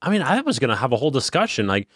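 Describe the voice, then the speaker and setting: A young man co-hosts a podcast in easy, casual chat, thinking out loud and letting sentences trail off. His voice swings widely in pitch. The sound is dry and close, with no room echo. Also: huge pitch swings, racing. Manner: laid-back, musing, trails off mid-thought. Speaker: podcast co-host.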